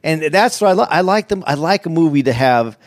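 A man's voice: on the high side, expressive, a little fast, no room sound. A man chatting casually about a movie, often repeating words and restarting his sentences.

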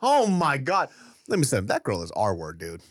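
A man's voice: medium pitch, wildly swooping pitch, normal speed, noisy background. A man co-hosting a casual podcast chat, blunt and incredulous, swearing often. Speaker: podcast co-host.

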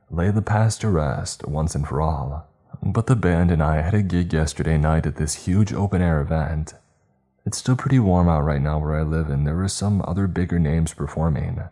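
A man narrating a first-person story in a steady, even retelling. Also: very deep voice.

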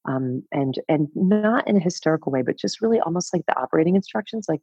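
A woman's voice: medium pitch, lively intonation, a little fast, darkish tone, breathy edge, no echo, dull audio. A woman in her fifties, a guest author speaking candidly in an interview, laughing often and swearing casually. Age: 50s.

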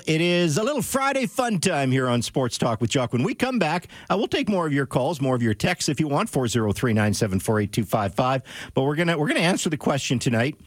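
A man's voice: a little high, no echo. A man hosting a sports talk radio show, bantering with his co-host and reading out promos and listener texts. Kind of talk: casual radio chat.

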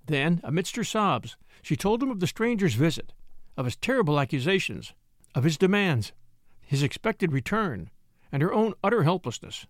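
A man narrates a classic tale as an audiobook, with expressive storytelling. His voice sits a little high and moves lively in pitch, recorded close and dry. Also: normal speed, no echo.

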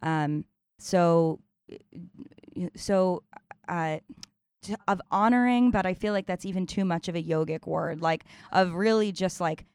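A woman with a smooth, lowish voice speaks slowly and reflectively, often pausing to search for the right word. The recording is close and dry, with no room echo. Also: darkish tone. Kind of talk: casual conversation.

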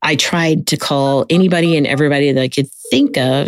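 A woman's voice: low voice, a little fast, a little hiss or hum. A woman in an interview, earnestly recalling events as a close family friend. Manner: earnest retelling with quoted dialogue. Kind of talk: recounted personal story.

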